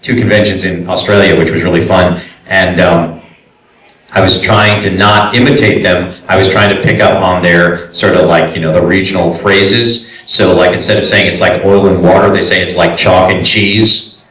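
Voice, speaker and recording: Deep-voiced man teaching a convention panel. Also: steady tone, normal speed, fairly bright tone. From Brooklyn, New York. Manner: chatty, explanatory, with many fillers. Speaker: voice acting panelist. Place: large echoey convention room. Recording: echoey room, voice from far off.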